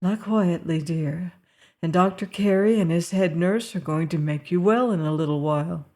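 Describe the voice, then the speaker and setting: A woman reading the part of a gentle, strong man who soothes a fevered girl in a low, monotonous, half sing-song croon. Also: normal speed, natural voice. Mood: tender. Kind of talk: audiobook character reading.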